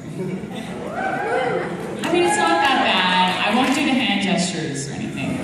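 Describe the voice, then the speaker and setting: Animated woman telling stories in an echoey hall. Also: on the low side. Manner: animated storyteller, acting out quoted voices. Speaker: convention panel guest. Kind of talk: telling anecdotes on a panel. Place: large convention hall. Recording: echoey hall recorded from far off.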